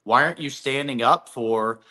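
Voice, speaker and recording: A man's voice: medium pitch, normal speed, pushed and bright. A congressman being interviewed remotely, making blunt, emphatic points. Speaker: congressman guest.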